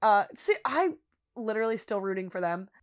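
A young adult woman co-hosting a podcast, recapping scenes in a lively storytelling way and breaking into laughs. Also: mid-range voice, moderate pace. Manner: animated storyteller, acts out lines with laughs. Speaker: podcast co-host. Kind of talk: casual podcast chat, retelling scenes.

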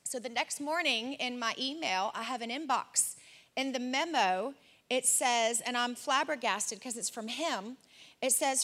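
A woman candidly sharing a personal story in a group discussion, in a lively anecdotal way. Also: on the high side, unhurried.

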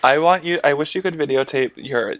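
A man's voice: fairly high pitch, fairly quick, fairly bright tone, no room sound. Guy cohosting a podcast, jokey and swears a lot, dry close mic. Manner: joking, profane, teasing. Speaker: podcast co-host. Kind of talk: casual chat.

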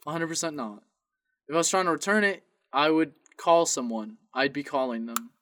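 Young man telling a story, bright dry voice. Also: a little high, a little fast, no echo. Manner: animated, swearing, laughing often. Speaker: podcast co-host. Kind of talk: casual chat, storytelling.

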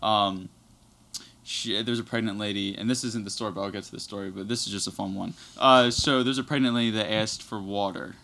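A man's voice: on the low side, fairly even intonation, brisk, gravelly, sharp tone. A young man telling a long, rambling story in casual podcast chat, swearing constantly.

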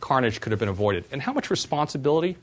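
A middle-aged man gives a university talk about running a startup. He tells his stories in an animated way, and his voice jumps up when he retells exchanges. His voice sits at an ordinary male pitch. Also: racing, slight background noise. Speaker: former startup CEO speaking to students. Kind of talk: lecture with personal stories.

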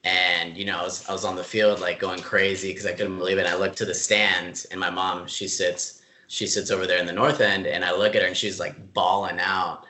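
Low voiced guy, bright punchy tone, rambly casual storytelling, roomy echo. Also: a little fast, hardly any pauses. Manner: relaxed, lots of "like" fillers, laughs easily. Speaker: club staff member being interviewed.

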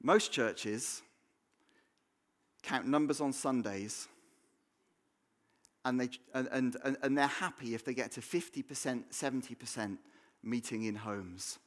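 Conversational English preacher, easygoing pitch. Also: male voice, a little slow, pauses often. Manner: conversational, jokey, restarts with repeated words. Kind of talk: sermon. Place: church hall.

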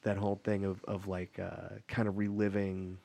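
A man hosting a casual chat, an animated storyteller who laughs often. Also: deep voice, moderate pace, vocal fry, no echo.

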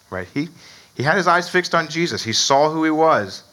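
A man's voice: mid-range voice, expressive, moderate pace, fairly bright tone, rough recording. A man preaching a sermon in a conversational way, often asking "right?" and chuckling between points. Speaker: pastor.

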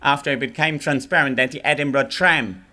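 A man from Germany with a German accent, a comedian guest trading deadpan, blunt, mock-superior jokes. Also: mid-range voice, fairly quick. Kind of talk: deadpan stand-up banter.

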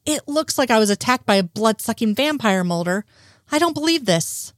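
A woman's voice: fairly high pitch, lively intonation, moderate pace, no echo, close to an everyday voice. Flustered woman agent pushing with questions, dry close sound, read by a woman. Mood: incredulous. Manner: insistent, pressing questions. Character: sharp, flustered adult female FBI agent.

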